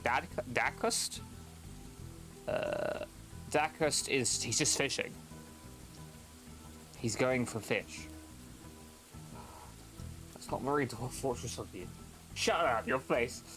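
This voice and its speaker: A man's voice: medium pitch, takes it slowly, long pauses, fairly bright tone, faint music behind. A young man casually commenting on a game during a live stream, exasperated with the characters, swearing and laughing often.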